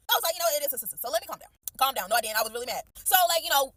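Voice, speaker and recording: A young woman telling a family story in a casual storytime, animated and slangy, acting out the people she quotes. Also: high voice, rapid-fire, few pauses.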